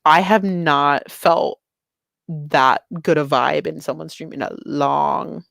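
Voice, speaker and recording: A young adult woman streaming live, chatting casually and excitedly with her viewers and reading their messages aloud. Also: deep voice, slow, vocal fry, dry recording. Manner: bubbly, excitable, reads chat aloud.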